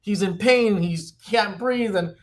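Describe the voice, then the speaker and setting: A man in his fifties, a company executive, talking animatedly as a podcast guest. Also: a little slow. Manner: animated storyteller, pitchy. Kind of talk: podcast interview.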